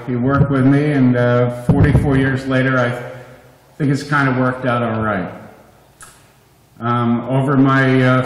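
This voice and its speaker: A man in his sixties, a radio DJ, giving a halting tribute to his father, with many fillers and held-back emotion. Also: mid-range voice. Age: 60s. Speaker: radio DJ speaking at a memorial. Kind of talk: funeral tribute speech. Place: memorial service in a large hall. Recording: echoey hall, faint noise.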